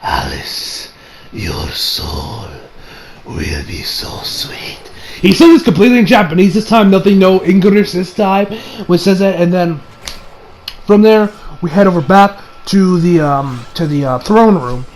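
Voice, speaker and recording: A young man with a rather high voice chats his way through an anime review, rambling loosely and tossing in casual swears. His talk is relaxed and unscripted, full of restarts. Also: normal speed, a little hiss or hum.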